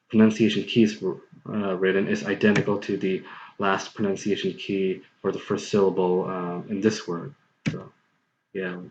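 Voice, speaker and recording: A man giving a patient, step-by-step pronunciation tutorial, repeating points and often checking in with okay. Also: on the low side. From United States. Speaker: online language tutor. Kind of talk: explanatory tutorial voice-over. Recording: roomy, slightly dull home recording.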